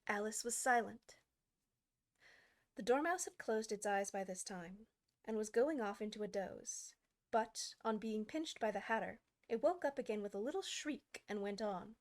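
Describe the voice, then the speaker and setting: A woman reading a classic children's book aloud as its narrator, in a clear, even manner. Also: medium pitch, normal speed. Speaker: audiobook reader. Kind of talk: storybook narration.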